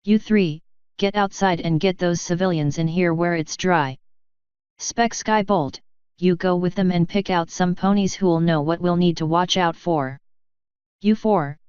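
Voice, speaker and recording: Stern pony captain bossing everyone around, woman reading it, super smooth voice, muffled dry sound. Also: lowish voice, steady tone, measured pace, darkish tone, no echo, close to an everyday voice. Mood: commanding. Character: stern commanding stallion captain, furious.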